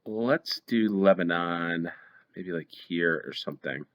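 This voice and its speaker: American guy w a low voice mumbling through a geo guessing game, lots of ums. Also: slow. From United States. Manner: thinking aloud, hesitant, many ums. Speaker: game show host. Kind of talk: play-along gameplay commentary.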